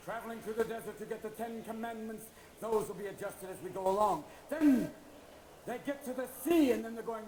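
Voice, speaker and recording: A man doing a stand-up comedy set, talking with an animated delivery and jumping into character voices. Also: sits high, fairly quick. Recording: echoey venue with room noise.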